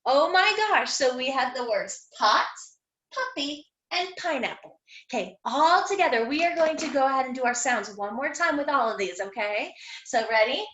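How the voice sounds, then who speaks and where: A woman teaching young children an online phonics lesson, sounding out letters slowly in an encouraging, sing-song way. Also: high-pitched, lively intonation, a bit bright, reverberant, highs cut off. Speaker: kindergarten teacher. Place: home room.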